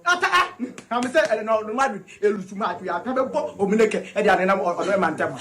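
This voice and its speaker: A man in a played clip talking excitedly, shouting and laughing in a strained high voice. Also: fast.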